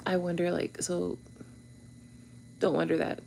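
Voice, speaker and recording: A woman, hosting a casual chat to her viewers, animated, exclaiming and laughing as she talks. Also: a little high, moderate pace, a little hiss or hum. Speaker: tarot channel host.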